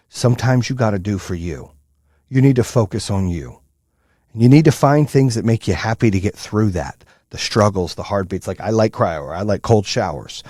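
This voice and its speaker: A middle-aged man hosting a solo motivational podcast, telling stories in a profane, animated way with lots of fillers. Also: lowish voice, moderate pace, dry recording, studio quality. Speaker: podcast host.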